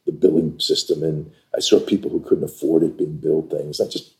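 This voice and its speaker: An older man from New York, an interview guest telling stories about his career in an animated, emphatic way. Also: very deep voice, a little fast. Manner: animated, emphatic storyteller who acts out quoted dialogue. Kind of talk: conversational storytelling.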